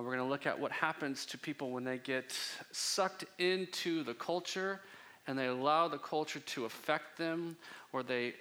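A young man gives an evening sermon, reading scripture and then talking it through in a relaxed, joking way. His voice sits a little high and sounds bright and forceful. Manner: casual, joking, conversational preaching. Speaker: pastor.

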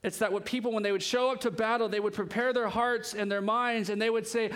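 A young man preaching a sermon in a lively, conversational way, with casual asides. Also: high voice, brisk, few pauses, smooth. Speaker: pastor.

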